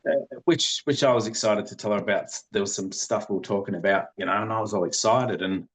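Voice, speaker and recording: A man's voice: fairly low pitch, quick pace. A middle-aged man, telling his story as a podcast guest in an earnest, rambling way. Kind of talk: conversational interview.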